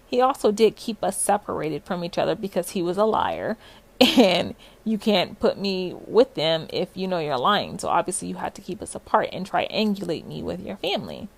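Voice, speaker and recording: Animated young woman telling her story. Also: lowish voice, moderate pace, gravelly. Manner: animated, full of "like" fillers. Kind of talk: casual storytelling monologue.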